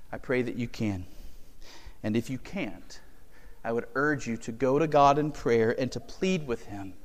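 Fervent preacher man, church reverb. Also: mid-range voice. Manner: swings from loud fervent preaching to hushed, near-whispered pleading. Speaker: pastor. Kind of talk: sermon.

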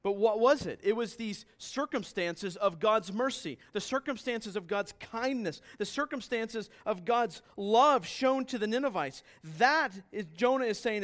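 A man with a fairly high voice delivers a sermon in a church hall, speaking earnestly and putting questions to his listeners. He builds from measured talk to loud, emphatic bursts. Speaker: pastor.

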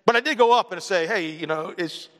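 A man's voice: sits high, fairly quick, a bit bright. A male pastor preaching a sermon in a conversational, storytelling way, now and then imitating others in a raised voice. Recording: long hall reverb.

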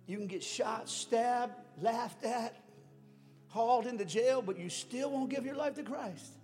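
A man preaching a sermon, telling a story with chuckles and swinging from hushed, slow passages to shouted lines. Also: very high voice. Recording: long hall reverb, faint music.

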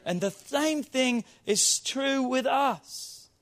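A man's voice: very high voice, drawn-out words, fairly bright tone. A man preaching to his congregation. He quizzes the room playfully, reads scripture and builds to emphatic, rising appeals. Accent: non-local accent. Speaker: pastor. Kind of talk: sermon. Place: church hall with congregation.

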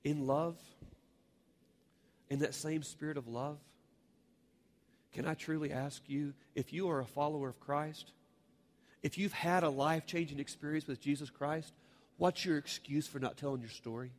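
A man's voice: fairly high pitch, steady tone, normal speed, pauses often. A man preaching a sermon as a pastor, earnest and rising to fervent appeals to the congregation. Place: church sanctuary.

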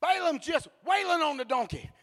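A male preacher giving a sermon in animated storytelling, with blunt joking asides and bursts of shouting. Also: very high voice, moderate pace, big-room sound.

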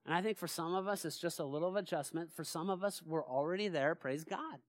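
A male pastor preaching a sermon in a church, animated and asking his congregation rhetorical questions. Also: fairly high pitch, fast, no room sound, studio quality. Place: church sanctuary.

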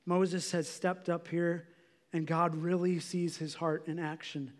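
A man's voice: on the high side, level tone, a little slow. A man preaching a sermon as a pastor, in a conversational way, often saying "like" as he explains. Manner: conversational, filler "like".

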